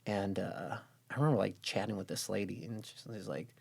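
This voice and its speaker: A man with a low, gravelly voice tells a personal story as a podcast guest. He speaks earnestly and often drops to a hush. He livens up when he quotes other people. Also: steady tone, brisk. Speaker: podcast guest, gym owner.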